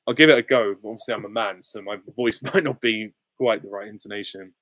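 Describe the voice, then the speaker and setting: A man's voice: on the low side, fairly quick, fairly bright tone, no room sound, studio quality. A young adult man hosting a casual live Q&A, reading out chat questions and giving short, offhand, easygoing answers. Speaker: channel host.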